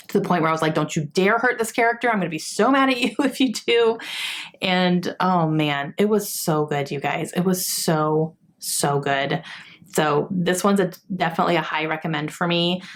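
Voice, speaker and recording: A young woman talks straight to her viewers about a book she loved. Her voice sits a little low, and her speech is chatty and full of fillers. It sounds like an easygoing vlog review. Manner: chatty, gushing, many fillers. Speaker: book vlogger. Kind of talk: casual book review chat.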